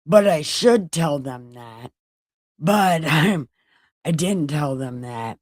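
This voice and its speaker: A woman's voice: low-pitched, lively intonation, slow pace, no room sound, studio quality. A woman hosting a casual live-stream Bible reading, irreverent and joking, with swearing. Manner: irreverent, joking, swears and laughs at her own jokes.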